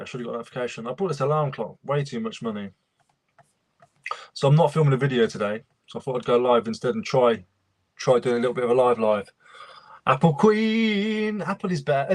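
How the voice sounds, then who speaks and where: A man's voice: mid-range voice, darkish tone, dry recording. A young man, casually chatting and greeting viewers by name while he works on a livestream. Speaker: reseller livestream host.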